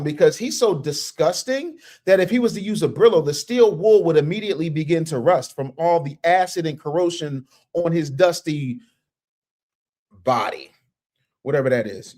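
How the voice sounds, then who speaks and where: A man's voice: a little high, normal speed, a little mellow. A man hosting a live reaction stream, mocking and roasting clips and reading viewer messages in a rowdy casual way. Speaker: livestream host.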